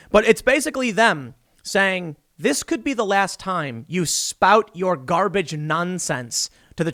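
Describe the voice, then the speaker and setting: A man's voice: sits high, a bit bright. A man in his thirties hosting a solo political commentary show, talking in a sarcastic, mocking way.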